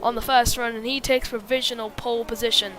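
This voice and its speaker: Female sim-racing commentator, somewhat high-pitched, casual and filler-heavy. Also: level tone, quick pace. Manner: chatty, many fillers, reads chat. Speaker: race commentator.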